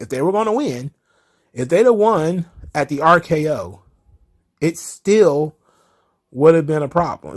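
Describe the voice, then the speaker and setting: A man's voice: on the high side, a little mellow. A man hosting a casual solo wrestling commentary show, ranting sarcastically and cursing often.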